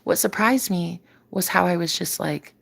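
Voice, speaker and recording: This woman's lowish voice moves at a normal speed, with vocal fry, a bit of brightness and a breathy edge. Giving a casual spiritual reading on her vlog, she preaches emphatically, repeats phrases for impact and swears offhandedly.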